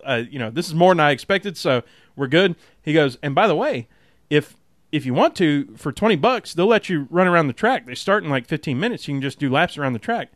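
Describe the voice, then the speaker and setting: A man hosts a casual podcast and tells a story with plenty of laughter, slipping into the voices of the people he quotes. His voice sits a little high for a man. The sound is close and dry, with no room around it. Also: dry recording. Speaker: podcast host.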